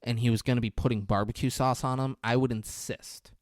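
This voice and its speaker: A man's voice: mid-range voice, fairly even intonation, fairly quick, dry recording. Podcast host, male, loose rambling recap with swearing, dry close sound. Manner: rambling, profane storytelling with laughs. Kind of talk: casual movie recap.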